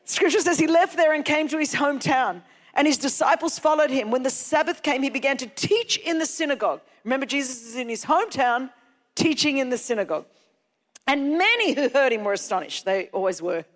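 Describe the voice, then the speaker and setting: A woman preaching a sermon from a church stage. She presses hard on key words and climbs into shouts. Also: high-pitched, animated, a little fast, long reverb tail. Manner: emphatic, stretching key words and rising to shouts. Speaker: pastor. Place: church hall.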